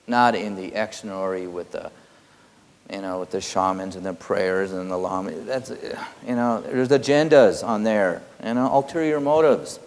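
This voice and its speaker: A man giving a spiritual teaching, halting with many fillers and quietly intense. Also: lowish voice. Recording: long hall reverb.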